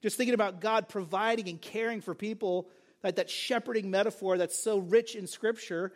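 A man's voice: sits high, steady tone, moderate pace. A male pastor preaching a sermon, earnest and emphatic, repeating key phrases for stress.

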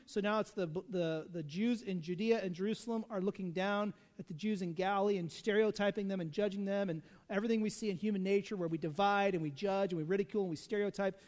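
A man preaching a sermon in a conversational, animated way, full of asides and rhetorical questions. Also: sits high, brisk, in a large hall. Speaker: pastor.

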